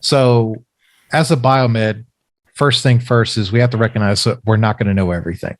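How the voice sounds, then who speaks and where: A man who is a biomed and podcast host, giving thoughtful, measured advice in a casual chat. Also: lowish voice, fairly even intonation, no room sound.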